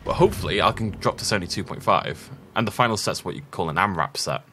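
Chatty low-voiced gaming man. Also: expressive, quick pace, sharp tone, a little hiss or hum. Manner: chatty, rambling, self-deprecating. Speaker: let's play host. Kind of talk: casual gameplay commentary.

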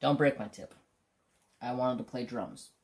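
A middle-aged craft channel host rambles through a casual diamond painting session, blunt and profane throughout. His medium-pitched voice is a little mellow and keeps a measured pace.

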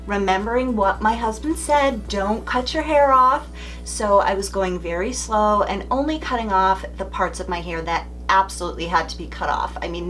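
A woman's voice: medium pitch, fairly bright tone. A middle-aged woman speaking as a beauty vlogger, telling a story in a chatty, candid way straight to the camera. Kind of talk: casual beauty vlog storytelling.

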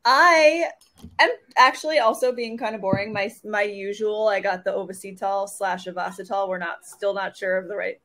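A woman's voice: medium pitch, moderate pace, a bit bright. A woman co-hosting a podcast in casual chat, upbeat and chatty, laughing often. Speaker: podcast co-host.

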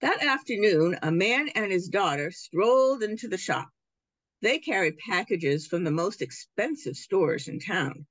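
A woman, a children's book author, reading her picture book aloud with expressive storytelling at a library event. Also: medium pitch, measured pace, dry recording.

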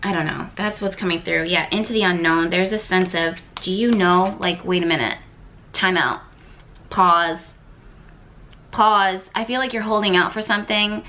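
A woman's voice: fairly low pitch, moderate pace, sharp tone. A woman giving a casual tarot reading to camera, thinking aloud and rambling with lots of fillers and repeated words. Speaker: tarot card reader.

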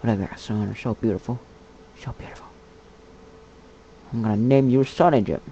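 A man giving casual gameplay commentary in a put-on character voice, muttering, whispering and chatting to the animals on screen. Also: mellow. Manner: puts on a slow, low, gravelly character voice. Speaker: gamer. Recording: dull lo-fi mic with faint hiss.

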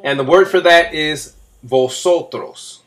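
A male teacher giving a slow, patient, step-by-step explanation in a classroom lesson. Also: medium pitch, expressive, a bit bright. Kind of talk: classroom instruction.

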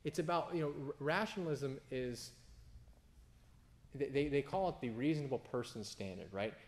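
A man, a pastor, giving an informal sermon, often restarting phrases and jumping into sudden emphatic high bursts. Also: normal speed. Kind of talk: conversational sermon.

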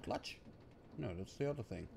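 A man with a hoarse, coughing voice, muttering to himself in casual gameplay commentary and breaking into frustrated outbursts. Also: mid-range voice, expressive, moderate pace, a little mellow, a little hiss or hum. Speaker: gaming streamer.

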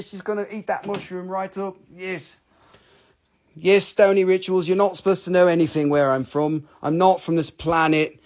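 A man hosting a live rock and mineral sale, chatting casually. He talks fast, rambles with excitement and swears freely. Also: on the high side. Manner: talks fast when showing items. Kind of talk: live sales stream, casual chat.

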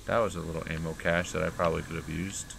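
A man's voice: sits low, little pitch movement, fast talker, creaky, fairly bright tone. A man doing casual commentary over a game playthrough, muttering in exasperation and swearing often. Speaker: gameplay host. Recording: noisy home recording.

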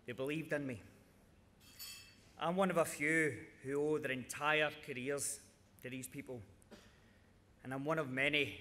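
A man's voice: mid-range voice, sharp tone. A man giving an earnest, heartfelt tribute speech with cheeky humour. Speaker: award presenter. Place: large ceremony hall. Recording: reverberant hall, faint noise.

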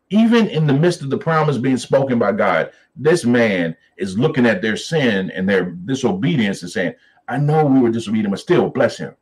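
A man leading a Bible study, reading scripture aloud slowly and then riffing on it in a lively, preacherly way. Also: mid-range voice, poor audio.

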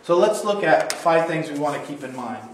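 Casting: male church teacher, slightly higher voice, loose and chatty, echoey room. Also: animated, moderate pace, a little hiss or hum. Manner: casual, digressive, acts out quoted voices playfully. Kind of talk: recorded teaching video.

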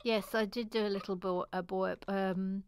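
A woman's voice: mid-range voice, fairly even intonation, moderate pace, smooth. A woman hosting a casual Lego-building livestream, rambling playfully and breaking into silly sung jingles. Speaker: host.

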